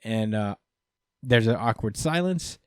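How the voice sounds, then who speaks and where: A man's voice: lowish voice, animated, measured pace, clear, resonant tone, no echo, clean studio sound. A man hosting a casual podcast, recapping with lots of fillers and acted-out quotes. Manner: rambling recap, many fillers, acts out quotes. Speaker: podcast host.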